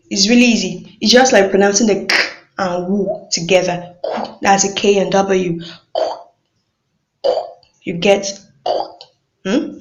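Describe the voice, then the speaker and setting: Woman teaching phonics, talks slow, drills each sound over, roomy echo on a dull recording. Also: mid-range voice. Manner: patient, repeats sounds slowly, checks in with "hmm?". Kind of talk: phonics lesson. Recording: echoey room, dull lo-fi sound.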